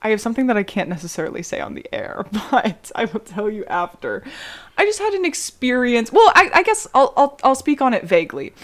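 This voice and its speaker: A woman's voice: fairly high pitch, very animated, brisk. A young woman co-hosting a podcast in casual chat, playful and enthusiastic, giggling between lines. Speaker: podcast co-host.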